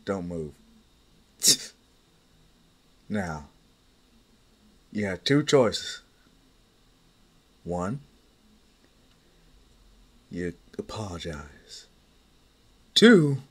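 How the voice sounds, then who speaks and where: A man voicing an angry, threatening mother who speaks low and slow. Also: sing-song, husky, heavily acted. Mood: menacing. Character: menacing angry mother with a gun.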